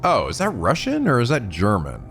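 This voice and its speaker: A man's voice: medium pitch, wildly swooping pitch, normal speed, fairly bright tone, faint music behind. A man in his thirties hosting a let's play, reading a visual novel aloud with casual commentary, swearing and laughing often.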